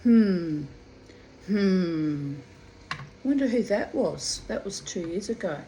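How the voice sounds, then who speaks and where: A woman with a mid-range voice reads from her old diaries in a casual vlog. She keeps stopping to tell stories, laughing and wandering off into lively, rambling asides. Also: medium pitch, moderate pace, creaky, slight background noise, low-quality recording. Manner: animated, laughing, digressive storyteller. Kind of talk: diary reading with chatty asides.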